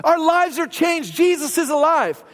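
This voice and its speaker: Eager, breathless disciples acted out by a male preacher exclaim in a very high, lifted voice. Their words ring through a big hall with a long tail of reverb that lingers after each line. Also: lively intonation, a little slow, fairly bright tone, full character voice. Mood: excited.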